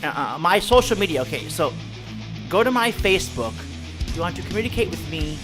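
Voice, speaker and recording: Animated joking man telling stories. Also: a little high, normal speed, music in the background. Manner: animated, jokey, puts on voices in anecdotes. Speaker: podcast guest. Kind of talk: casual comedic storytelling.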